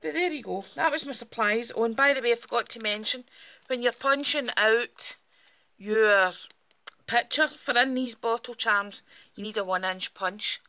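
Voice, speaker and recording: Woman hosting a craft demo; friendly, chatty delivery with a bright, clear edge. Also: fairly high pitch, normal speed. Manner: chatty, friendly, explaining step by step. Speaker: craft channel host. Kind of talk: casual craft tutorial.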